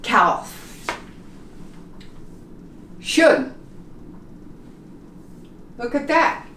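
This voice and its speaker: A woman teaching an English pronunciation lesson, patiently saying example words slowly and repeating them. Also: high-pitched, animated, a bit bright, slight background noise. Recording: echoey room, mic at a distance.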